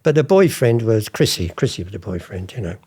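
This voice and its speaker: Speaking briskly in a slightly rough, lowish voice, an older man who forged art rambles through stories during an interview. His anecdotes are animated, with quotes acted out.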